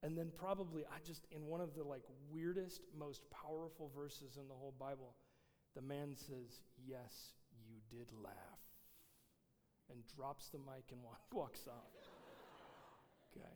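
A man's voice: on the high side, level tone, normal speed, a little mellow. A man, a pastor giving a casual, conversational sermon with many fillers. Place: church sanctuary. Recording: long reverb of a large hall.

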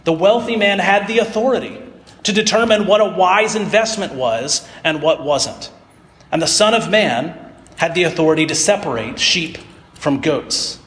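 A man's voice: sits high, animated, moderate pace, fairly bright tone. A man giving a sermon and retelling parables in a casual storytelling way. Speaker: pastor. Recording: echoey hall reverb.

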